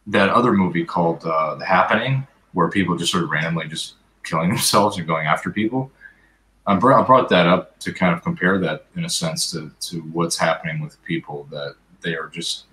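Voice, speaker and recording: A man's voice: sits low, moderate pace, sharp tone. A man in casual chat, rambling and repeating himself. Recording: echoey room with faint noise.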